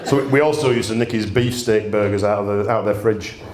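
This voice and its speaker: A man's voice: fairly low pitch, fast talker, a little mellow, slight background noise. A man, hosting a gin tasting and telling humorous stories in a chatty way, laughing often. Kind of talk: anecdotal storytelling presentation. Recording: roomy echo.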